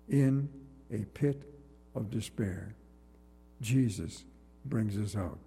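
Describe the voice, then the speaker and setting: A man preaching a sermon in an earnest, measured way, repeating phrases for emphasis, in a church. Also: on the low side, creaky, mellow, slightly rough, long reverb tail.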